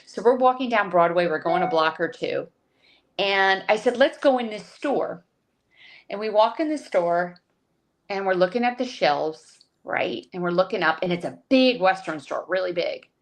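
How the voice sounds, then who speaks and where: A woman's voice: mid-range voice, expressive, moderate pace. A woman who is a podcast guest, telling an emotional personal story with many restarts over a video call. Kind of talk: conversational storytelling.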